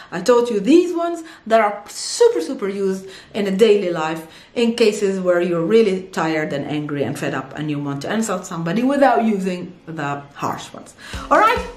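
A woman's voice: mid-range voice, reverberant. A woman teaching Arabic expressions in a casual, playful online lesson, laughing often and switching between English and Arabic.

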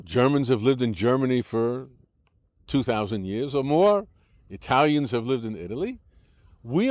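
A man's voice: mid-range voice, a little mellow, no room sound, studio quality. An older American-born man with an American accent, giving an interview in an argumentative, lecturing way, restarting sentences often. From United States. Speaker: interview guest.

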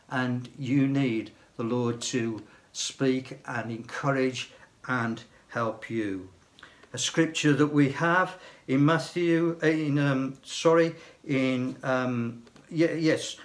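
Slow, gentle older man preaching. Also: mid-range voice. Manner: slow, gentle delivery, softening to near hush on key phrases. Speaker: church elder preaching. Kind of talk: sermon.

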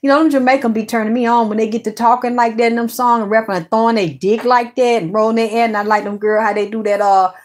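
A woman, chatting casually to her viewers as a celebrity gossip host, animated and full of curses. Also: fairly high pitch, quick pace, hardly any pauses. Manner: animated, swearing, talks straight to her viewers. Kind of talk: casual chat.

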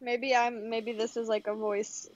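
A woman's voice: on the high side, level tone, unhurried, lo-fi sound. A woman in a live stream voice chat, teasing the others and laughing often. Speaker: voice chat guest.

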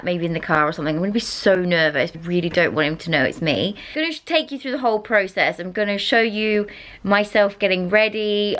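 A woman's voice: medium pitch, a bit bright. A young Australian woman chatting casually to camera in a bubbly, giggly way from a small indoor room. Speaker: vlogger. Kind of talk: casual vlog chat.

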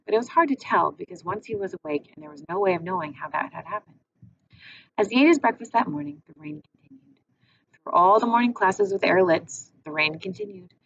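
A woman narrating an audiobook in a measured, expressive reading. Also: mid-range voice, vocal fry. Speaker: audiobook reader. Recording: muffled with faint hiss.

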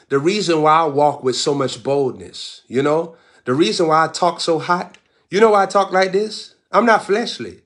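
Fervent preacher man, shouting then murmuring. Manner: swings from shouted declarations to low, quick asides; repeats phrases, lists words in cadence. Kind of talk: sermon.

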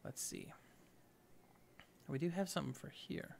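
A man's voice: fairly high pitch, huge pitch swings, measured pace, gravelly, a little mellow. A man hosting a let's play, giving upbeat, chatty gameplay commentary and thinking aloud as he goes.

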